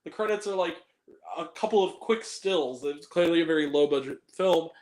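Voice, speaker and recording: A man's voice: on the high side, moderate pace, darkish tone. A man hosting a casual movie review show, rambling and profane, full of fillers. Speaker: film review show host. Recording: echoey room.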